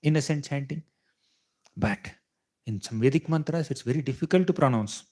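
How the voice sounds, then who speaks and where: A man's voice: mid-range voice, moderate pace, dark tone. A man giving a devotional scripture talk to a live audience, teaching in a conversational way, often checking "right?" and chuckling as he explains. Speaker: temple speaker teaching scripture. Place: temple hall with audience.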